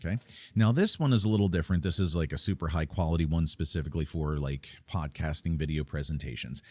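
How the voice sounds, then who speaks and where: Extremely low-pitched and a little mellow, the man talks fast, and there's no room sound on the recording. He's switching among handheld microphones in his home studio, mixing board nearby, giving a casual step-by-step demonstration of microphone technique for an instructional video.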